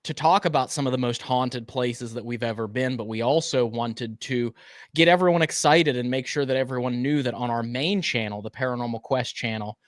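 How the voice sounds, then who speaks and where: A man's voice: mid-range voice, a little fast, no echo, clean studio sound. A man co-hosting a casual live stream, chatty and greeting viewers by name, sometimes tripping over his words. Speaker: livestream co-host.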